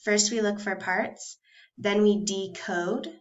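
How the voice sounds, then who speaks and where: A woman teaching a recorded first grade reading and grammar lesson, speaking slowly and clearly and sounding out letters one at a time with patience. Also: mid-range voice, fairly even intonation, highs cut off. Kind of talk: recorded phonics and grammar lesson for young children.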